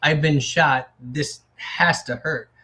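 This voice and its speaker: Man, podcast host, higher pitch, rambling, acts out quotes. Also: fairly even intonation, slow, a crowd in the background. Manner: rambling, many restarts and acted-out quotes. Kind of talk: casual chat.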